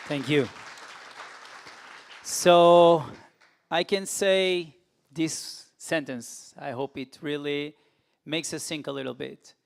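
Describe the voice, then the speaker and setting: A man's voice: a little high, fairly even intonation, slow, creaky, pauses often, a faint crowd. Earnest man urging at a forum. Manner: earnest, urging, repetitive appeals. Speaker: federation speaker at a forum. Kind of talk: conference speech.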